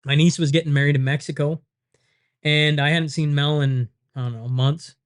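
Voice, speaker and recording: A man from Canada talks as a podcast guest in a fairly high voice. He is reflective and halting, with many fillers between his thoughts. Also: fairly even intonation. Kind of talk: casual conversation.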